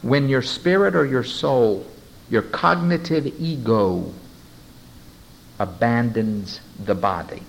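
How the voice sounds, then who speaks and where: A man preaching a sermon and reading scripture aloud, moving between loud emphasis and hushed tones. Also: medium pitch, slow pace, vocal fry, poor audio. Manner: reads scripture aloud and asks the congregation to turn to a passage. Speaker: pastor.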